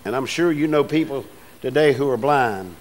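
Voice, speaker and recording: An older man preaching a sermon in a folksy, homespun way, moving between hushed storytelling and rising, emphatic preaching. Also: mid-range voice, expressive, normal speed. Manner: folksy, homespun phrasing with repeated restarts.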